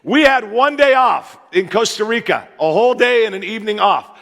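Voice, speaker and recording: High gravelly American man preaching. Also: fairly quick. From United States. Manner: joking, animated storyteller who plays to the crowd. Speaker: guest pastor. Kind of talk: humorous sermon storytelling. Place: large church sanctuary. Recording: reverberant church hall.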